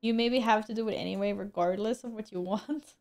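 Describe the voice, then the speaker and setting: A woman's voice: medium pitch, steady tone, brisk, vocal fry, darkish tone. A woman streaming a game, chatting casually with viewers, joking at her own expense and laughing often. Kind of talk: casual gameplay stream chat.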